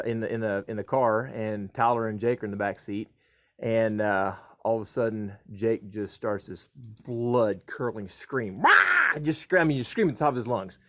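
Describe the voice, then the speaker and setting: A middle-aged man recounts stories about his kids in an easygoing, folksy drawl. He chuckles as he goes and trails off with plenty of uhs and ums. He is recorded in a horse barn. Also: lowish voice. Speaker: vlogger telling family stories. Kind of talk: casual storytelling to camera.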